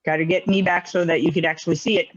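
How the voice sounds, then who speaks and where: A man teaching a karate class online, giving brisk, encouraging commands. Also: fairly high pitch, level tone. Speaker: karate instructor. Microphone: video call. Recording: lo-fi video call audio.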